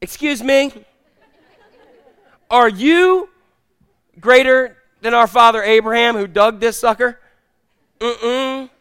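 A man's voice: slow, long pauses, a bit bright, clear, resonant tone, a faint crowd, exaggerated voice. A man voicing an annoyed, sassy Samaritan woman at a well, in an exasperated, mocking tone. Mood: indignant. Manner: exasperated, high-pitched, mocking.

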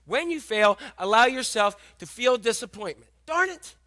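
A male pastor delivering a sermon with lively energy, driving points home by repeating them. His voice sits high for a man and rings bright and forward. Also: normal speed. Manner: animated, emphatic, repeats key lines.

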